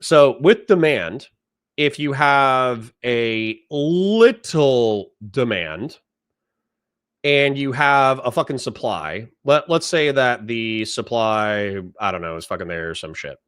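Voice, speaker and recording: A man's voice: medium pitch, lively intonation, slow pace, fairly bright tone, clear, resonant tone, no room sound, studio quality. A man hosting a livestream, commenting on a debate clip, reading chat and ranting with heavy swearing. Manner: profane, ranting, talks over clips. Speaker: livestream host.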